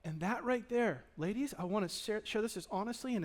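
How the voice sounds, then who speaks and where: A male pastor with a notably high voice delivers a sermon in a church. He preaches with animated energy, rising to loud emphatic peaks and dropping to hushed, earnest asides. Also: fairly quick. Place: church sanctuary.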